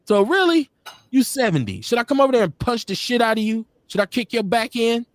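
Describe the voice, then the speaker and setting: A man's voice: extremely high pitch, big pitch swings, brisk, no room sound, clean studio sound. A man co-hosting a live-stream talk show, talking casually with a blunt, profane, laughing manner. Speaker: podcast co-host. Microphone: streaming call.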